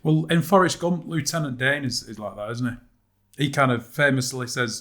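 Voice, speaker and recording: A man's voice: mid-range voice, moderate pace, a bit bright. A man co-hosting a podcast, asking thoughtful, long winding questions in casual chat. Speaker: podcast co-host.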